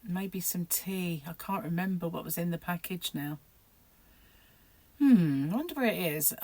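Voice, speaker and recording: A woman's voice: mid-range voice, dry recording. A middle-aged woman vlogging about crochet in a rambling, chatty way, laughing often. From United Kingdom. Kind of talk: casual chat to camera.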